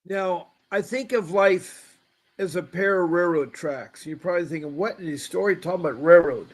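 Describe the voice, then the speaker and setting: A man's voice: sits high, moderate pace. A man hosting a call-in show, talking in a rambling, folksy way and repeating himself. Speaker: show host. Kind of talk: casual call-in show talk.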